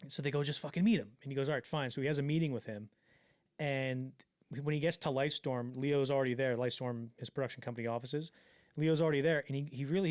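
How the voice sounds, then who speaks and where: Fast-talking profane male podcaster. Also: medium pitch, no echo, studio quality. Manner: fast, profane, acts out quotes in voices. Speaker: podcast co-host. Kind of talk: casual podcast storytelling.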